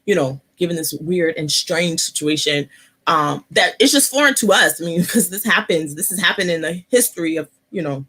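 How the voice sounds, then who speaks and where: A woman hosting a casual live-stream chat, talking softly because of an ear infection, laughing and chatty, sitting close to her computer mic. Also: fairly low pitch, lively intonation, moderate pace, slightly rough. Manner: chatty, laughing asides, many fillers. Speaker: host.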